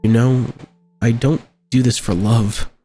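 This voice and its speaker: A limping corpse double of a painter pleads in a slow, level voice, read by a man without much change from his own. The delivery barely rises or falls. Game music plays clearly under him. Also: mid-range voice, natural voice. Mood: pleading. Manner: slow, flat reading of a figure's lines.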